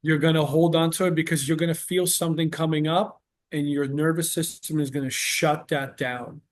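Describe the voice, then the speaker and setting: Earnest male therapist, slightly high voice. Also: fairly even intonation, moderate pace. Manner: earnest, explains with patient examples and quoted dialogue. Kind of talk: casual podcast interview.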